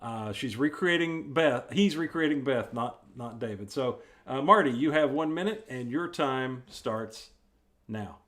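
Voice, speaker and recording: A man with a bright, forceful voice runs a live improv game. He calls time briskly and laughs along with the players. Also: mid-range voice, animated. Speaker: improv show host.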